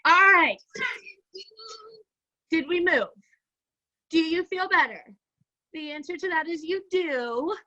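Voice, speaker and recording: Peppy high-voiced woman coaching a video call. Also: takes it slowly, pauses often, sharp tone, highs cut off. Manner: peppy, chatty, says "like" and "right?" a lot. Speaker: fitness coach speaking at a virtual brunch. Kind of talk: upbeat motivational talk.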